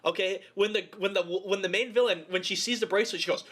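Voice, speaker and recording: High, bright-voiced profane man. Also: quick pace. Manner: profane, animated, laughing storyteller. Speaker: podcast co-host. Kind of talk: casual movie review chat.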